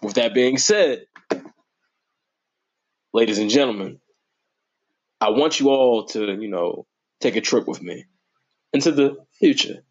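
Excitable man on a lo-fi sports podcast. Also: measured pace, pauses often. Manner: animated, voice jumps high when excited; informal, slangy and playful. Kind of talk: casual sports talk. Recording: dull lo-fi recording.

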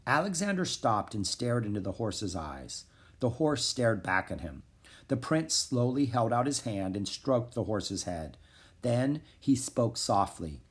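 A man narrating a children's chapter book aloud in an expressive storytelling manner. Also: mid-range voice, measured pace, slightly rough. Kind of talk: children's audiobook reading.

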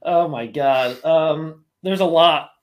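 A man with a slightly high voice who builds arguments point by point in a casual podcast chat. He sounds earnest and speaks in a conversational way. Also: slow pace, dull audio. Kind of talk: casual podcast panel talk.

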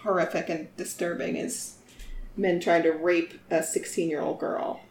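Brief: woman, lowish voice, earnest and critical, roomy echo and faint hiss. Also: flat delivery, normal speed, a little mellow. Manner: earnest and disapproving. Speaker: podcast co-host. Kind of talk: casual discussion.

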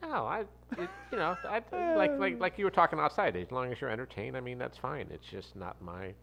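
A man's voice: medium pitch, big pitch swings, fairly quick, creaky, fairly bright tone, poor audio. A middle-aged man, a veterinarian guest, speaking in a mild, earnest, slightly hesitant way. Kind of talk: casual chat.

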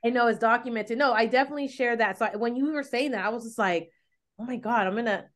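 A woman's voice: on the high side, fast talker, a little hiss or hum. A woman podcast host, raised in the United States with Spanish as her first language, talking in a chatty way full of likes and you-knows. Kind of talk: casual chat.

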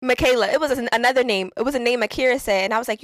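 A woman chatting casually and animatedly, full of slang and quick stories. The sound is dry and close, with no room around her voice. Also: a little high, no room sound. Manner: animated, laughing, slangy storytelling. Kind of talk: casual conversation.

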